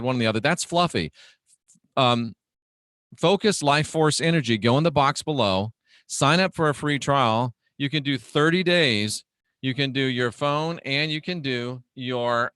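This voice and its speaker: A man's voice: mid-range voice, fairly bright tone, no room sound, studio quality. Earnest, effusive male livestream host. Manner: earnest, effusive, repeats phrases. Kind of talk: casual spiritual livestream talk. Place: home studio room.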